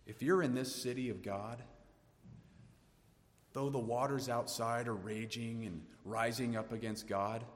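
Preacher in a reverberant hall. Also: male voice, medium pitch. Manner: dynamic preaching, dropping to hushed tones then rising emphatically. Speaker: pastor. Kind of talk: sermon.

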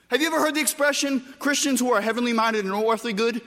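A man preaching a sermon with emphatic delivery, moving between loud bursts and quiet, soft passages. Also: very high-pitched, fast, hardly any pauses, big-room sound. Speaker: pastor.

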